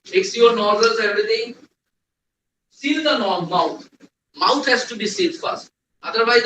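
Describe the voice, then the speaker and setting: High, bright-voiced trainer. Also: male voice, slight background noise. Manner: quizzes the class, repeats key points. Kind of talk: classroom lecture. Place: lecture hall. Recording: echoey room, distant mic.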